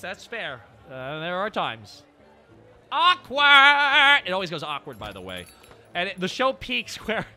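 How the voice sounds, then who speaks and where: A bright, sharp-toned male streamer talking in casual chat. His voice sits high and leaps around in pitch. He laughs often and swears freely, with faint music underneath. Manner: animated and excitable, laughs a lot, swears casually.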